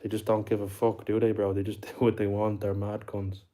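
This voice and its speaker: Low, mellow-voiced Irish man ranting. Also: monotone, a little fast. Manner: swears constantly, tags lines with bro and like. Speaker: livestreamer. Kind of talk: casual chat with viewers.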